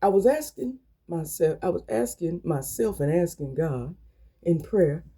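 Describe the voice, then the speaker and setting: A woman's voice: on the low side, animated, mellow, breathy edge. A woman giving weekly motivational encouragement in a preaching style, repeating rhetorical questions and stretching out key words for emphasis. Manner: repetitive call-and-response, drawn-out emphatic phrases. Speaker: motivational speaker.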